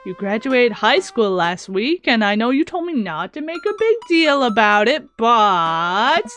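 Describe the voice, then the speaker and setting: A woman voicing a goofy, doting middle-aged single dad, reading his lines with teasing, proud warmth. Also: fairly high pitch, very animated, measured pace, faint music behind. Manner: warm dad-joke delivery, proud and teasing.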